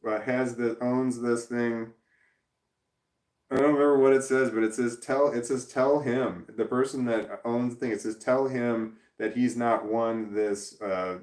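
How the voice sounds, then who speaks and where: A man's voice: medium pitch, darkish tone. Rambling, profane man in an echoey room. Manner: rambling, profane, self-interrupting. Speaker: livestream host. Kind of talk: casual livestream chat reading comments. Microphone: camera in front. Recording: roomy echo.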